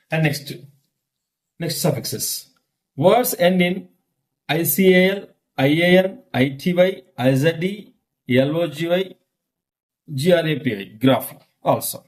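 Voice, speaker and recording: Slow-drilling man with a Telugu accent. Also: fairly high pitch, lively intonation. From India. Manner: slow, deliberate, repeats words for drilling; frequent fillers and "okay" between points. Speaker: English lecturer. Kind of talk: classroom lesson on word stress.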